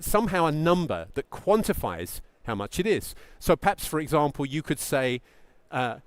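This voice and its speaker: A middle-aged man giving a presentation to founders as a pitch coach, emphatic and lively, sometimes acting out what a founder might say. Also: dry recording. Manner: animated, emphatic, acts out mock founder quotes.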